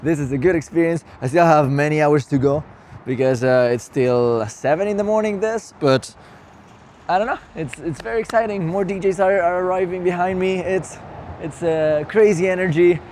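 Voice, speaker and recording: Excited young man with a cracking voice. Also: a little high, normal speed, slight background noise. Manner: excited, rambling with many fillers and restarts. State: losing his voice, cracking. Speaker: vlogger. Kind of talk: casual vlog to camera. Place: outdoor music festival at night.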